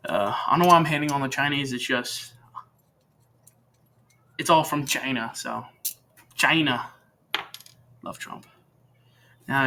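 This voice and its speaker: Bright-voiced teenage boy explaining repairs. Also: on the high side, slight background noise. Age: teens. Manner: rambling, chatty, corrects himself often. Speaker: channel host demonstrating repair. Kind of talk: casual how-to demonstration.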